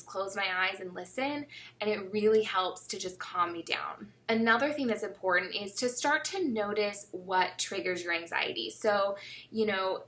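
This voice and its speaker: A young woman talking casually to camera, giving chatty, encouraging advice on coping with stress. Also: medium pitch. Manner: warm, encouraging, chatty with many fillers. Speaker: fitness vlogger.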